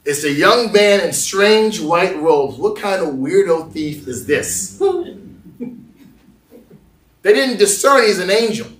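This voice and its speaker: A male pastor preaching a lively sermon, acting out voices and joking with the congregation. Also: high voice, takes it slowly, pauses often, reverberant, recorded from a distance. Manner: animated, acts out voices, jokes with the congregation. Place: church sanctuary.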